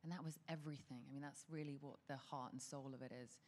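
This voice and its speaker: An English woman speaking thoughtfully in a live event interview, pausing to find her words. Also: low voice, steady tone, darkish tone. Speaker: film actor at a premiere.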